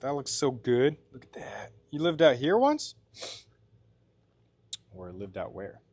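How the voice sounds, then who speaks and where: A man's voice: medium pitch, very animated, takes it slowly, darkish tone, no room sound. Chatty blacksmith man reading his chat. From Washington State, USA. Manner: chatty, laughs often, reads chat aloud and answers. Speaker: blacksmith livestreamer. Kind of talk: casual livestream chat while working. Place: blacksmith workshop.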